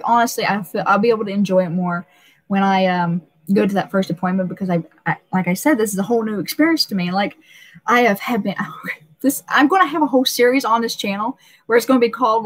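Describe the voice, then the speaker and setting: A woman hosting a casual live stream, rambling and emotional, laughing often and filling gaps with "uh" and "um". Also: medium pitch.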